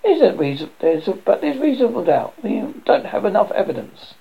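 A woman's voice: medium pitch, big pitch swings, fairly quick, vocal fry, breathy edge, voice pushed up, full character voice. A woman voicing a thoughtful male pig juror who argues his case earnestly. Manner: earnest, reasoning. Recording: dull lo-fi recording.

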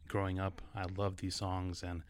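A man's voice: sits low, completely flat delivery, normal speed, dry recording. Nervous, casual man hosting a podcast. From New York City. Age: adult. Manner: casual and a bit nervous, with restarts. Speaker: podcast host. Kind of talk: solo podcast talk.

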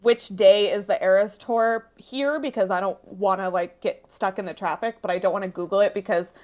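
A woman in her late twenties, a podcast guest, chats casually and laughs between phrases. Her voice is medium-pitched and darkish, with a steady tone and moderate pace.

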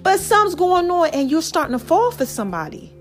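In a very high, sing-song voice, a podcast host races through a casual story with faint music behind her. She speaks directly to her listeners, sprinkling in "baby" and "okay" repeatedly.

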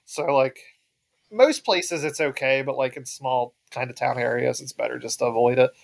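A man's voice: mid-range voice, normal speed, gravelly. A man co-hosting a podcast in casual chat, joking and teasing. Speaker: podcast co-host.

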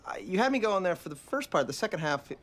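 A man's voice: high-pitched, big pitch swings, fast. An actor playing a young man in a sitcom scene who stammers as he grows uneasy. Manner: hesitant, stammering. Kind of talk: sitcom acting.

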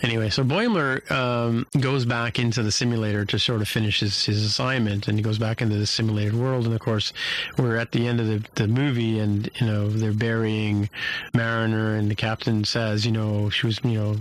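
A man's voice: lowish voice, little pitch movement, normal speed, a little hiss or hum, rough recording. A man in casual podcast chat, recapping a show with a rambling flow of fillers and restarts.

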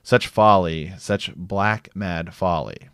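A man reading aloud the lines of a dying old maester, slow and faint. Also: deep voice, a bit bright, clean tone, no echo, clean studio sound, exaggerated voice. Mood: weak, dying. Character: dying old male maester, weary and gentle.

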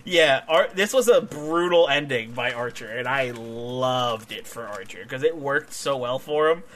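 A young man co-hosting a wrestling podcast, recapping a match in casual, excitable chat, swearing and laughing often. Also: mid-range voice, unhurried.

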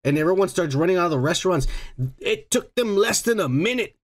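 A man's voice: high-pitched, lively intonation, a little fast. A man co-hosting a podcast, chatting casually in crude, profane, joking banter. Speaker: podcast co-host. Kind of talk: casual chat.

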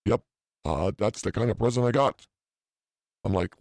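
A man's voice: lowish voice, moderate pace, vocal fry, pauses often, darkish tone, no echo. A man in his fifties hosting a podcast, telling a rambling story in a profane, self-mocking way, full of asides. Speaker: podcast host.

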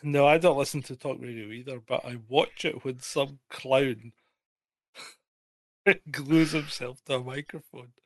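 A man's voice: mid-range voice, fairly even intonation, a little slow, no echo, studio quality. A man co-hosting a podcast, agreeing often and telling a story with laughter in casual chat. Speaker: podcast co-host.

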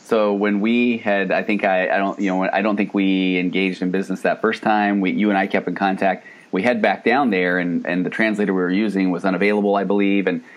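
A man's voice: deep voice, little pitch movement, fairly quick, hardly any pauses. A man hosting a podcast interview, enthusiastic and chatty, often repeating his words as he talks. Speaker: podcast host. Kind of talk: casual interview.

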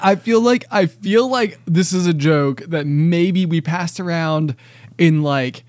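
A man's voice: on the high side, slow, no room sound. Rambling man in casual chat. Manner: rambling, lots of fillers and likes.

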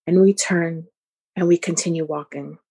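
A woman telling a personal story in a measured, reflective way, in short phrases. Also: on the low side, fairly even intonation, dark tone, breathy edge. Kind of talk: personal story told to an audience.

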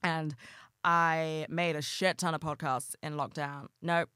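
Young adult, solo podcast host, rambling, sweary, excitable, dry close sound. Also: medium pitch, measured pace, smooth, no room sound. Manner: rambling and heartfelt, frequent "like" and swearing; animated, bursts of excitement. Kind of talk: casual solo podcast monologue.

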